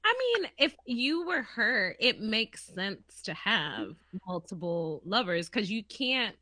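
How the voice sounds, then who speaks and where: Bright, joking woman on a podcast. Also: medium pitch, takes it slowly, no echo. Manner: animated, joking, laughs a lot. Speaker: podcast co-host. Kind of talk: casual chat.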